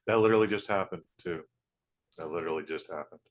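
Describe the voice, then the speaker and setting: A man co-hosting a casual podcast with a somewhat low voice. He talks in a laid-back, blunt way and swears freely. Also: fast talker. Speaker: podcast co-host.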